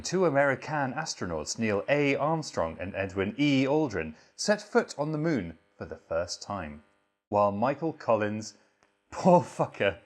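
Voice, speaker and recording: A man hosting a mock reading and lecture, delivering it deadpan with sudden swearing asides. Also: medium pitch. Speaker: host reading aloud.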